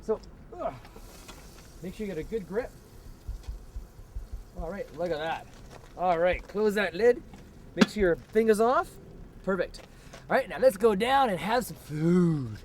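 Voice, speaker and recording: A man hosting an outdoor grilling show, talking through a recipe in a hammy, excitable way and hollering over the food. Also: high voice, unhurried, long pauses, a little hiss or hum. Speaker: cooking show host. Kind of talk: upbeat cooking demo chat.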